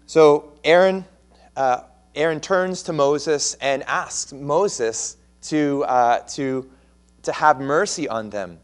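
A man's voice: a little high, takes it slowly, clear, resonant tone. A male pastor preaching a sermon in a conversational way, often asking his listeners questions and restarting his phrases.

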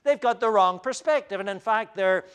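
Pastor, male, sermon delivery, slightly high and smooth voice, measured with frequent fillers. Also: fairly bright tone.

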